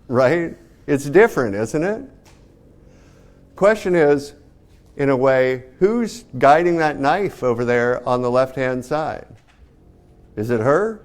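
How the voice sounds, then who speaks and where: A man's voice: medium pitch, takes it slowly, pauses often. Man lecturing with many rhetorical questions. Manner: conversational, asks students rhetorical questions. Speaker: art history lecturer. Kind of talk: classroom lecture.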